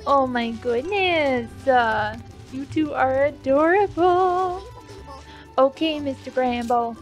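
A woman's voice: high-pitched, lively intonation, very slow, long pauses, faint music behind. A woman hosting a casual let's play, cooing and giggling as she plays. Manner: cooing, giggly, easily delighted. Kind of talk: casual gameplay commentary.

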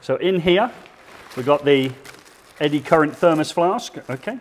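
A middle-aged man hosting a live stream, chatting and joking in a relaxed banter with his co-host. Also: on the high side, moderate pace, a little hiss or hum. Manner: jokey, chatty presenter banter.

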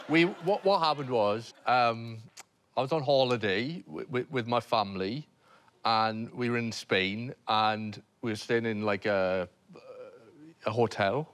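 A man's voice: medium pitch, takes it slowly. A Welsh man telling an embarrassing story on a comedy panel show, hesitant and self-deprecating, with many fillers and restarts. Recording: noisy TV studio recording.

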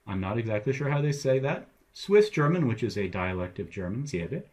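Man, professor, husky, middle-aged, recorded slide lecture, dry jokes. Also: mid-range voice, sing-song, fairly quick, darkish tone. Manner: wry, playful teacher's tone, jokes with students. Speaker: college English professor.

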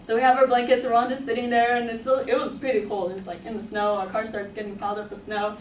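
Young woman rambling through a story in class, bit high voice, sounds far off in an echoey room. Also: quick pace, a little hiss or hum. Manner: chatty, animated, full of "like" and laughs. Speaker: student storyteller. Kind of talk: personal story told to a class.

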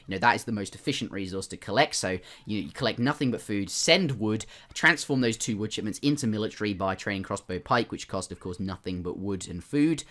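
A man's voice: low-pitched, a bit bright. Casual man commentating gameplay. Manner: casual, chatty, frequent fillers and restarts. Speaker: gaming YouTuber.

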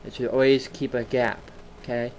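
A man's voice: mid-range voice, flat delivery, moderate pace, slight background noise. Chatty man explaining audio settings. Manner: chatty, rambling, repeats words for emphasis. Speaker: video tutorial host. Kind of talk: casual screen-recording tutorial.

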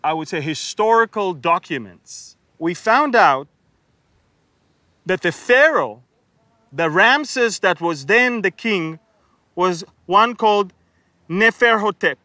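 Lively high-voiced man preaching. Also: takes it slowly, pauses often, dry recording. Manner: humorous, acts out biblical figures with sarcasm and laughter. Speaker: Bible teacher. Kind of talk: sermon.

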